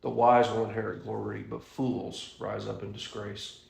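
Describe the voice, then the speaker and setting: A man's voice: lowish voice, little pitch movement, moderate pace, gravelly, echoey room. A man leading a Bible study in a church room, blunt and emphatic, with frequent "um"s and restarts.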